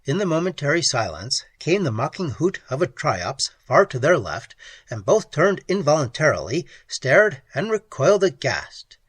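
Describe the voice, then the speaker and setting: A man narrating a science fiction story as an audiobook, with expressive storytelling. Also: a little high, normal speed, husky, no echo.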